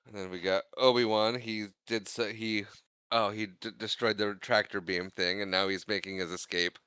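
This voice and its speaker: A man with a lowish, bright voice chats through a movie recap. His tone is clean and crisp, and he keeps jumping into playful character voices. The sound is dry and close. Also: moderate pace, no room sound. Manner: animated, acts out quotes in funny voices. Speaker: podcast co-host. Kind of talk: casual movie recap chat.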